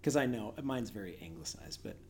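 A man's voice: fairly low pitch, fairly quick, gravelly. Enthusiastic laughing man. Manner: enthusiastic, laughs often, tells lively stories. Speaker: guest. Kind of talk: casual conversation.

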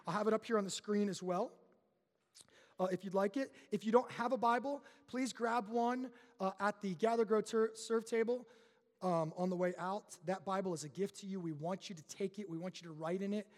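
A young adult man preaches in a church sanctuary, his voice sitting high for a man. He tells stories with animation, building tension and then dropping low and quiet. His words ring out with a long reverb trailing behind them. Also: moderate pace. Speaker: pastor. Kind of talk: sermon.

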